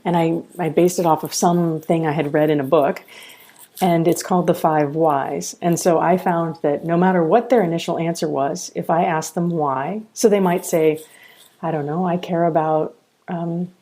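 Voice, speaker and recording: A middle-aged woman with a low, mellow voice tells stories in a podcast interview. She is a college founder and speaks with earnest, animated feeling. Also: normal speed.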